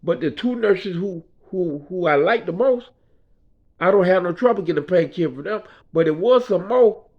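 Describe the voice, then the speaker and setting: Man, high voice, rambling casual storytelling, hospital patient, dull lo-fi sound. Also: expressive, moderate pace. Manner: rambling, conversational, frequent "you know what I mean". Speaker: vlogger telling a personal story. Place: hospital room.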